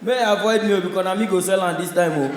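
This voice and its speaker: A man with a Nigerian accent doing a stand-up comedy set on a stage, telling stories in a loud, punchy way. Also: high voice, fast, reverberant, a little hiss or hum, low-quality recording. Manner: loud, punchy storytelling in pidgin.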